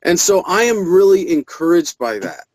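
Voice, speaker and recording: A man being interviewed as a political activist, earnest and sure of his case. His voice sits fairly high, and the recording is dry and close with no room sound. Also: sing-song, normal speed, no echo, low-quality recording.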